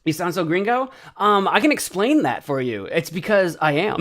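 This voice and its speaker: Chatty young man streaming, slightly high. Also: big pitch swings, moderate pace, few pauses, a bit bright. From central Illinois, US. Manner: chatty, self-deprecating, stumbles over Spanish words. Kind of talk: casual live-stream chat.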